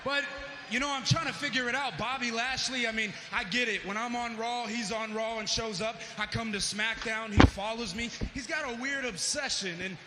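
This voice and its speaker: A man cuts a cocky, boastful wrestling promo in a high voice. It has the long, echoey reverb of a big indoor arena, with loud noise behind him. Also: moderate pace. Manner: cocky, trash-talking. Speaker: pro wrestler.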